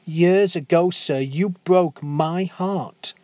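A man doing a quietly firm young prince. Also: fairly high pitch, slow, dry recording, pitched above the performer's own voice. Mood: resolute. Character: young prince, quietly resolute boy hero.

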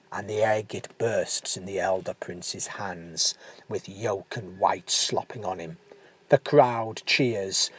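A man narrating a fairy tale in a gentle, unhurried storytelling manner. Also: fairly low pitch, breathy edge.

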